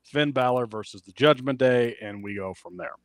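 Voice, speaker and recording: Male wrestling podcast co-host, animated recap style, dry sound. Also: mid-range voice, moderate pace, clear, resonant tone, dry recording. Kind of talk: casual chat.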